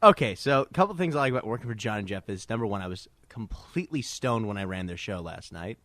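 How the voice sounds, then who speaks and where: A man's voice: fairly low pitch, animated, fast, fairly bright tone, dry recording. A man chatting casually as a podcast guest, laid-back and candid, laughing easily. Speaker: radio board operator, guest.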